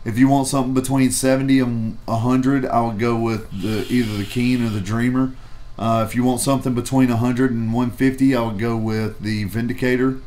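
A man's voice: mid-range voice, fairly even intonation, a little fast, darkish tone. Guy co-hosting a vape show, loose rambling chat, cusses a lot. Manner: rambling and profane, acts out quoted people. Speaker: vape reviewer and co-host. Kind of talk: casual chat and storytelling.

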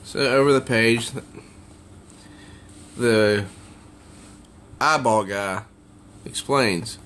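A man's voice: medium pitch, very slow, long pauses, fairly bright tone. A man casually reviewing a comic book, summarizing the pages with evident amusement. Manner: amused, easily tickled by the jokes.

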